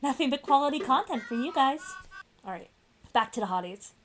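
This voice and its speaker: A woman's voice: high-pitched, expressive, brisk, faint music behind. A woman streamer reading a visual novel aloud, breaking off into giggly, playful asides. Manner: giggly, playful asides between read lines.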